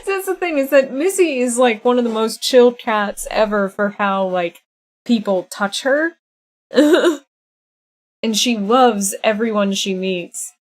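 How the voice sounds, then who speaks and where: A woman's voice: on the high side, lively intonation, a little slow. A woman streaming a video game live, chatting casually, laughing often and scolding her cat between moves. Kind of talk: casual live-stream chat while gaming.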